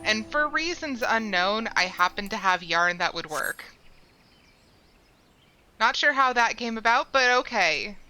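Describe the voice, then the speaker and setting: A woman's voice: fairly high pitch, animated, a little slow, pauses often, pushed and bright, a little hiss or hum. A woman streamer giving casual, rambling commentary while playing a game, often correcting herself mid-sentence. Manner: chatty, rambling, self-correcting.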